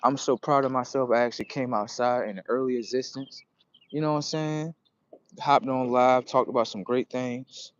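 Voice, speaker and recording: A young man livestreaming outdoors near a street on his phone, rambling casually and profanely, with sudden loud excited bursts. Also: medium pitch, moderate pace, dry recording, muffled recording. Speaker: livestream host.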